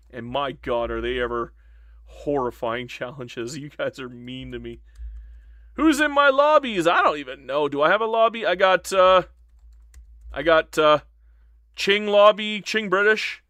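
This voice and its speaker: A man's voice: fairly high pitch, sing-song, moderate pace, bright, forceful tone, no echo, studio quality. A man streaming a strategy game live, playfully answering chat and mock-complaining as he talks through his plans. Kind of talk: live-stream gameplay commentary.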